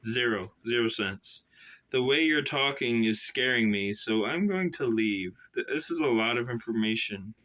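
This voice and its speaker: A man voicing an earnest young male assassin who asks pleading, halting questions, in a self-published novel read aloud. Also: mid-range voice, expressive, bright, forceful tone. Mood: alarmed.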